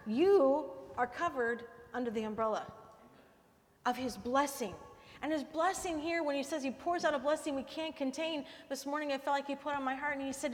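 A woman preaching a sermon in a warm, conversational way, often checking in with her listeners. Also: high voice, normal speed. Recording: long hall reverb.

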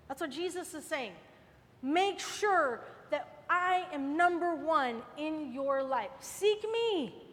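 Middle-aged woman preacher, very high voice, fervent and repetitive, long reverb. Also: a bit bright. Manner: fervent, repeats phrases with rising force. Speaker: women's Bible teacher. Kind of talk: sermon.

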